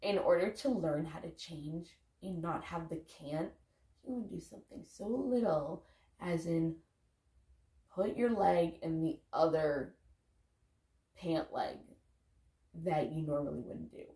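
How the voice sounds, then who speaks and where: A woman talks loosely and candidly in a casual motivational vlog, peppering her speech with "like" and the odd swear. Her low voice is gravelly and warm, and it carries an echo from the room. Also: slow pace, long pauses. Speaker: vlogger, parent. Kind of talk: casual motivational talk to camera.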